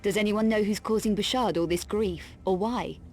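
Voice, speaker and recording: A woman's voice: medium pitch, moderate pace, darkish tone, slight background noise, lightly acted. An actress playing a cool, determined woman adventurer who asks short, direct questions. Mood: terse.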